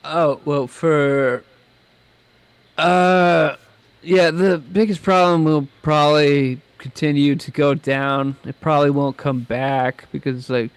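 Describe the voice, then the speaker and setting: Brief: male guest, fairly high voice, dead-dry close sound, rambling and profane. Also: steady tone, takes it slowly, smooth, no room sound. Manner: rambling, many restarts, blunt and profane. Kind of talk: casual chat.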